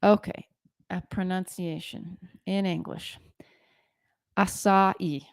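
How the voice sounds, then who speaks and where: A woman's voice: fairly low pitch, fairly even intonation, slow, gravelly, dry recording, clean studio sound. A woman co-hosting a casual livestream over drinks, teasing and correcting her co-host.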